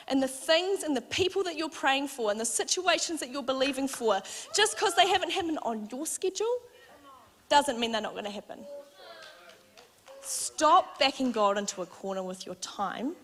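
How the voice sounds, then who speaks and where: A young woman preaches from a church stage. Her voice sits a little high, and she tells her testimony in a heartfelt, conversational way. The sound carries a long reverb from the church hall. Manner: heartfelt, conversational storytelling with lively re-enacted exchanges. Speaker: church speaker. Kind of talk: sermon with personal testimony. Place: church auditorium.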